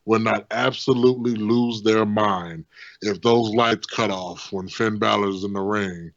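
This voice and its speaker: A man's voice: fairly low pitch, fairly even intonation, a little slow, fairly bright tone, no echo, dull audio. A man co-hosting a casual wrestling podcast, blunt and opinionated, swearing casually. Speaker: podcast co-host.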